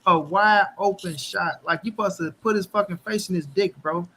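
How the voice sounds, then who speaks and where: A man with a high, bright voice holds forth on boxing in a casual chat. He is animated and curses heavily, tossing in "bro" all the time. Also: normal speed, slight background noise. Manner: animated, heavy cursing, repeats "bro". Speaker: host.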